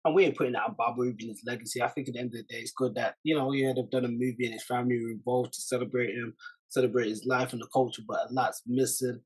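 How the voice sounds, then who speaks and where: A man with a slightly husky voice hosts a reaction podcast in a casual, reflective tone. He weighs each point and turns to his audience to ask for their thoughts. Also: medium pitch, poor audio. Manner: reflective, measured, speaks to viewers directly. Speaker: podcast host reacting to a clip. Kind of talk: casual commentary.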